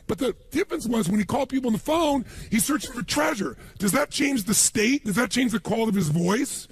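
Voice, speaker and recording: A man giving a motivational seminar talk, telling stories to an audience in an animated way and acting out the people he quotes. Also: high-pitched, husky, dry recording. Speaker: motivational speaker.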